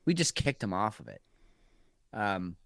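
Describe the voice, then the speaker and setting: Rambling, animated, swearing male podcast host. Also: lowish voice, unhurried, gravelly, no room sound, studio quality. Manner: profane, rambling, restarts often. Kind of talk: casual political chat.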